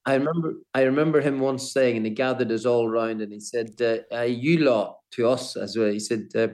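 An older man speaks as an interview guest at an even middle pitch. He tells his stories haltingly, repeating words and restarting his sentences. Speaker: former footballer, guest. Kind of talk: interview, storytelling.

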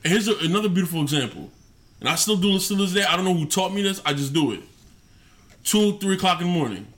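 A man's voice: high-pitched, fast. A man in casual late-night podcast talk, telling stories and acting out little scenes with plenty of swearing. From New York. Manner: animated storytelling, profane, acts out bits. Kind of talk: casual chat.

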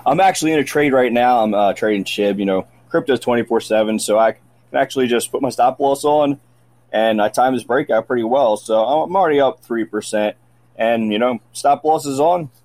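A man's voice: mid-range voice, brisk, darkish tone, no room sound. Laid-back male podcast co-host. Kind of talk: casual chat.

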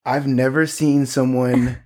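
A man co-hosting a casual chat, excitable, jumping in and repeating himself as he talks. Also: medium pitch, takes it slowly.

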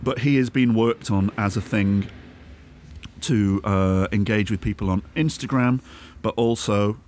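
A man hosts a comedy chat with a low voice and an easy, rambling delivery. He needles his guest in a teasing, mock-bullying way. He often cuts himself off and restarts his sentences. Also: a little slow, darkish tone, slight background noise. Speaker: comedy podcast host.

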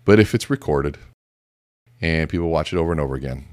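Seated indoors, a middle-aged business speaker talks about leadership in an extremely low, darkish voice at a quick pace. His motivational delivery is conversational, direct and emphatic, sprinkled with stories and casual asides. There's no room sound.

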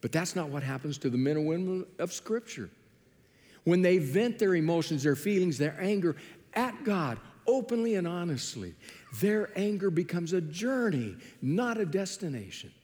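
A man preaching from the pulpit, his voice pitched somewhat high for a man. He acts out scripture scenes with lively dialogue, and his words ring with the long reverb of a large hall. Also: normal speed. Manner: animated storytelling, acting out biblical dialogue. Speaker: pastor. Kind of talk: sermon.

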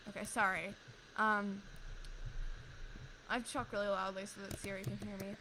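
A woman's voice: mid-range voice, flat delivery, normal speed, background noise. A young woman co-hosting a podcast in casual chat, playful and teasing, rambling as she talks. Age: young adult. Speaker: podcast co-host.

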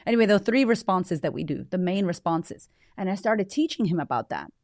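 A woman's voice: medium pitch, no echo. Blunt, emphatic woman podcaster, dry sound. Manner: blunt, emphatic, swears casually. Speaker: podcast host. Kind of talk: casual motivational talk.

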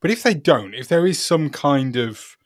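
A man's voice: fairly high pitch, animated, no echo, studio quality. A man, co-hosting a casual football podcast, chatty and given to long explanations. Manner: chatty, laughs often, drawn-out explanations. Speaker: podcast co-host.

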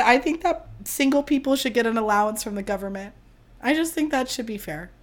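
A woman hosting her podcast solo, chatting casually and mocking herself, her voice strained and squeaky. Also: lively intonation, fairly quick. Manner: chatty, self-mocking, swears freely. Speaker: podcast host.

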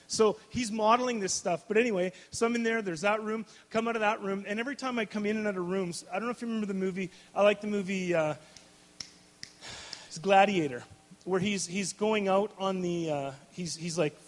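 High-voiced man preaching in a hall. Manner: animated, laughs often, restarts sentences. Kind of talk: storytelling sermon. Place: large hall before a live audience. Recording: long hall reverb.

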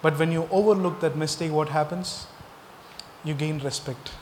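A man's voice: on the high side, normal speed, in a large hall, a little hiss or hum. A male pastor delivering a sermon, asking the congregation rhetorical questions and stressing key points.

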